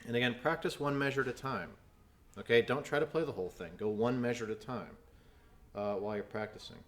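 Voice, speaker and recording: A man's voice: medium pitch, fast. A man teaching snare drum in a video lesson, explaining technique patiently and counting aloud as he demonstrates.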